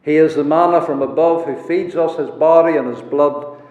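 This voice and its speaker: A man's voice: a little high, normal speed, darkish tone. A man preaching a sermon, emphatic and repeating his key words for weight. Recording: echoey hall, dull lo-fi sound.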